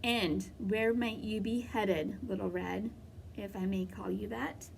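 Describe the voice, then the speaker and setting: A woman voicing a sly, smooth-talking male wolf in a storybook read-aloud, slow and silky. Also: mid-range voice, steady tone, a little hiss or hum.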